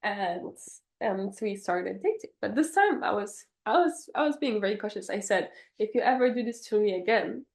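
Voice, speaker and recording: A young woman co-hosting a podcast, telling a dating story with dramatic pauses in casual chat. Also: mid-range voice, expressive, gravelly. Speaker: podcast co-host. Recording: roomy echo.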